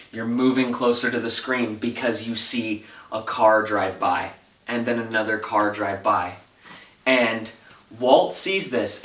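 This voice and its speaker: A man casually recapping a TV episode as a reviewer, retelling it in an animated, breathless way. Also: mid-range voice, distant mic. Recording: roomy echo, voice off-mic.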